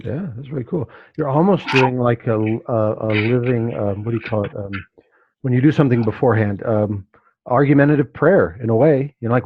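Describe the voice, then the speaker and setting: A man's voice: mid-range voice, normal speed, no room sound. A man leading a class discussion, who acts out the inner voices he quotes. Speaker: class teacher. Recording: dull dry lo-fi recording.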